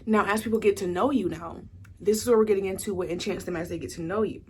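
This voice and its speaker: A woman's voice: medium pitch, quick pace, darkish tone. Young woman, mid-range voice, casual rambling tarot reader, faint room hum behind. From Southern United States. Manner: chatty, rambling, full of "like" and "you know". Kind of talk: casual pick-a-card tarot reading.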